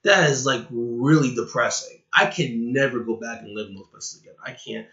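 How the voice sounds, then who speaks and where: A man's voice: medium pitch, normal speed, fairly bright tone. A man ranting in a rambling reaction commentary, sighing and repeating himself. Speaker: online commentator. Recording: roomy, dull lo-fi recording.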